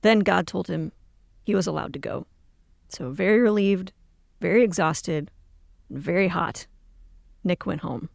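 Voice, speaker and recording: A podcast host giving calm, reflective scripted narration and speaking directly to listeners. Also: medium pitch, a little slow, vocal fry, pauses often, no room sound, studio quality.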